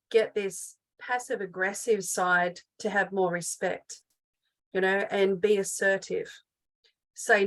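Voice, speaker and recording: A woman's voice: mid-range voice, a bit bright, low-quality recording. A middle-aged woman speaking as a spiritual healing coach, teaching in an earnest, rambling way, full of fillers and restarts. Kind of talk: unscripted teaching monologue.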